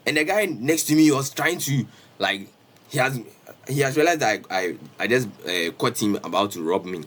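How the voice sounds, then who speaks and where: Animated young man telling a story. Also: mid-range voice, fairly quick. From Ghana. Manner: animated, repetitive, peppers talk with "bro" and "Charlie". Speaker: streamer. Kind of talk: casual storytime livestream.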